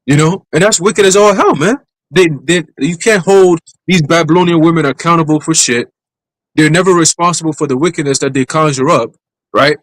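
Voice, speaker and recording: A man speaks bluntly in a casual scripture discussion, often acting out other people's lines. His voice sits a bit high. The sound is dry and close. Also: brisk, fairly bright tone, dry recording, low-quality recording. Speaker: church group speaker.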